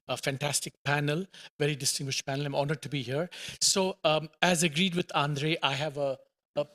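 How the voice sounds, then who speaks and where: A man's voice: a little high, a bit bright. A middle-aged man from India, giving a conference panel presentation as an economist. He stumbles into sentences with many fillers and repeats words for emphasis. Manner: hesitant starts with many fillers, emphatic repetition.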